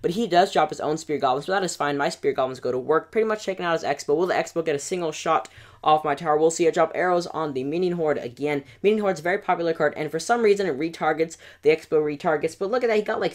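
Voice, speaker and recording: A gaming channel host giving excitable play-by-play commentary over battle replays, voice going hoarse, recorded as a voice-over at a computer. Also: medium pitch. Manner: excitable play-by-play, rising to yelps at big moments.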